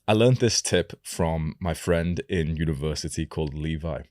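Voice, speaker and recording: A young man coaching viewers in a direct-to-camera vlog, instructive and deliberate, demonstrating his own voice as he explains. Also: very deep voice, over music. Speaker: self-improvement coach.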